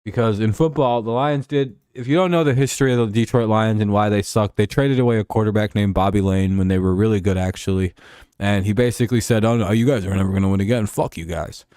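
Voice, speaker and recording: A man with a fairly low voice rants about football on his own show, profane and sarcastic. The sound is dry and close, with no room around it. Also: fairly quick, darkish tone, smooth, no echo. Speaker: host. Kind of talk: casual football talk show.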